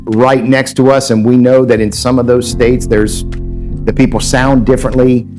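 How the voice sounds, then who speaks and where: A man's voice: medium pitch, flat delivery, normal speed, a little mellow, faint music behind. A male pastor with an Ohio accent, reflecting on a sermon in an easygoing, conversational way, often restarting and repeating words.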